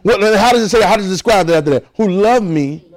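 A man's voice: sits high, expressive, fast talker, low-quality recording. A man preaching a sermon, repeating phrases and leading his congregation in call and response.

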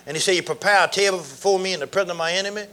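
Preacher guy, high voice, animated, laughs and shouts a lot mid sermon. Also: rapid-fire.

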